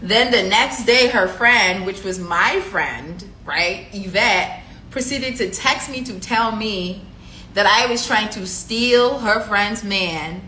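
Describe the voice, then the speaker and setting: A woman's voice: medium pitch, slow pace, roomy sound, slight background noise, low-quality recording. A woman telling a story to her viewers in a casual, chatty way, acting out what each person said and filling gaps with "like" and "you know.". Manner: animated, chatty, full of fillers, acts out quotes.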